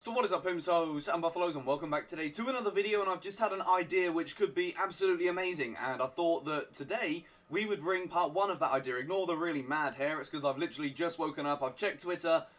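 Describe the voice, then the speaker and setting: A man greets his viewers at the start of a video in a quick, cheerful rush. His voice sits a little high and his words tumble out fast. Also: fairly bright tone. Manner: rapid, upbeat greeting to viewers. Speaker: YouTuber opening a video. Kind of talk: energetic video intro.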